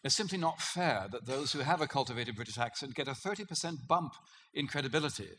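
A man preaching with a lively, swinging delivery and a bright, forceful tone. He talks conversationally, with hesitant fillers, then presses on key words. A faint hum of the room sits behind him. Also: medium pitch, quick pace. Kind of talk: sermon.

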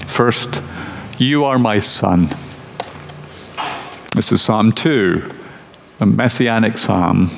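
A man delivering a sermon in a measured, emphatic teaching voice. His voice sits fairly low. A long reverb trails his words, as in a large church hall, with a faint hiss underneath. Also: vocal fry. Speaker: preacher.

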